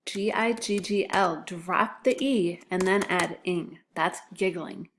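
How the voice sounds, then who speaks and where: A woman teaching a phonics lesson at an unhurried, deliberate pace. She breaks each word into syllables and repeats them carefully for young spellers. Her voice sits at an ordinary middle pitch, with soft keyboard clicks in the background. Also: a little hiss or hum. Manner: slow, careful syllable-by-syllable dictation.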